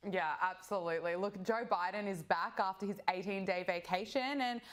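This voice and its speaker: A woman hosts a commentary program, her delivery scripted and smoothly paced as she sets up each clip. Her tone carries a dry, sardonic bite, and her voice sits in an ordinary middle register. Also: mid-range voice, moderate pace. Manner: sardonic, leads into clips. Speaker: show host.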